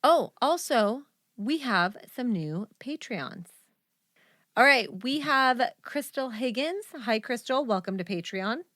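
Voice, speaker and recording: A woman's voice: a little high, takes it slowly, no room sound. Woman podcast co-host, easygoing chatter, dry close mic. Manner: relaxed, chatty, reads out thanks. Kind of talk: casual chat.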